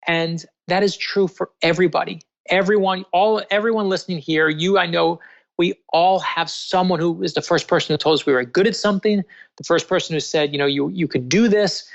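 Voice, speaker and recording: A man in a casual interview, an author telling stories in an animated, earnest way. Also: sits high, brisk, vocal fry. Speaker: author and guest. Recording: dull lo-fi remote audio.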